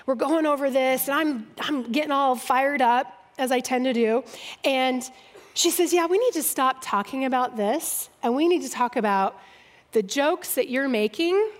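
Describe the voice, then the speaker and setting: A woman with a high, bright voice tells a story from her own life to a gathering. She pokes fun at herself, laughs easily and acts out both voices of each exchange. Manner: self-deprecating, lively, laughs often. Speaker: speaker sharing testimony. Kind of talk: humorous personal testimony.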